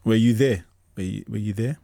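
A man's voice: lowish voice, brisk, creaky, mellow, dry recording, clean studio sound. A man hosting a podcast asks direct, probing questions of a guest. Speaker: podcast host. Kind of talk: interview questions.

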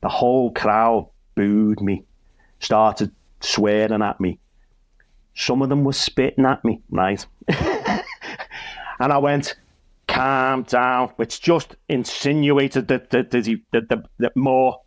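A man from Liverpool with a Liverpool accent, a comedian and church minister, telling an anecdote in a relaxed panel chat with lots of asides. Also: mid-range voice, measured pace, dry recording, studio quality. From Liverpool, England. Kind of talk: casual storytelling in a panel chat.

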